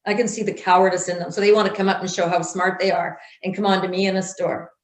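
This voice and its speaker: A woman's voice: mid-range voice, little pitch movement, quick pace, reverberant. A woman speaking in an interview, blunt and emphatic, acting out quotes as she tells stories. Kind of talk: conversational interview.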